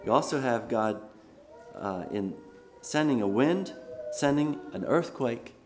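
A man's voice: mid-range voice, lively intonation, measured pace, darkish tone, faint music behind. A male pastor giving a sermon, reading scripture aloud and then explaining it in a conversational way.

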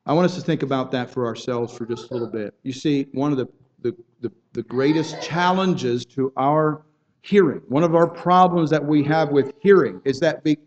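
A man's voice: on the high side, normal speed, highs cut off. A man preaching a sermon, earnest and building in intensity, often repeating words and restarting phrases as he goes.

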